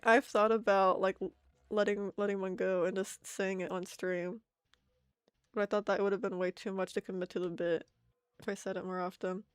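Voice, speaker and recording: A woman's voice: medium pitch, level tone, normal speed, clean tone, no room sound, clean studio sound. A young woman chatting casually on an art stream, giggling and poking fun at herself as she reads chat aloud.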